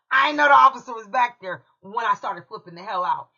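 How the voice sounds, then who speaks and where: A woman's voice: fairly high pitch, lively intonation, moderate pace, vocal fry, sharp tone, breathy edge, muffled recording. A woman from California, a channel host telling a heated personal story in an emphatic, profane way. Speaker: true crime commentary channel host.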